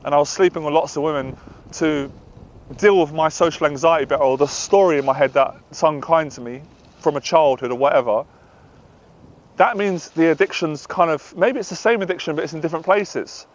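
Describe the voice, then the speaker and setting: A man's voice: fairly high pitch, a little fast. A man, a dating and anxiety coach, speaking earnestly and confessionally, sometimes acting out the voice in his head. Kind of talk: direct-to-camera monologue. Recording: slightly dull lo-fi audio.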